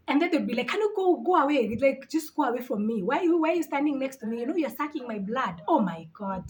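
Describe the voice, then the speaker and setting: A woman in her late twenties telling stories to camera in a casual vlog, animated and quick to laugh in disbelief. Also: a little high. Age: 20s. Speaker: vlogger.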